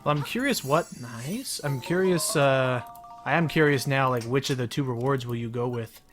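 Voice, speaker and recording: A man's voice: medium pitch, moderate pace, over music. A man co-commenting on a game with friends, eager and curious, often stumbling over his words.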